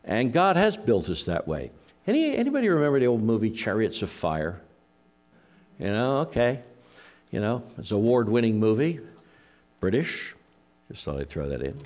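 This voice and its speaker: A middle-aged man preaching a conversational sermon as a pastor, telling anecdotes in a halting way with frequent pauses. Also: on the low side, big pitch swings, darkish tone.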